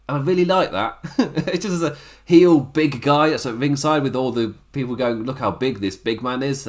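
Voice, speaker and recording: A man, hosting a podcast and giving a casual, rambling wrestling recap, laughing often. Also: mid-range voice. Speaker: podcast host.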